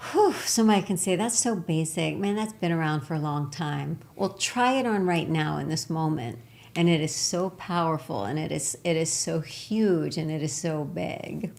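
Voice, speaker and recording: A woman's voice: low-pitched, gravelly, a little mellow. A woman from Texas co-hosting a spiritual talk show, telling stories with enthusiasm and laughing often. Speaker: co-host.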